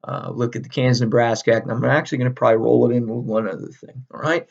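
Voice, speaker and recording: A man giving a casual, animated history lecture, emphatic and repeating key words, with frequent laughs. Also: mid-range voice, fast, vocal fry, lo-fi sound. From northern United States. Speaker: history teacher.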